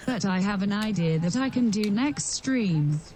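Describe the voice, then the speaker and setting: A synthetic woman's voice reading a viewer's message aloud in a flat, even way. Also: mid-range voice, unhurried. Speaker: text-to-speech viewer message. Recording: crowd noise underneath.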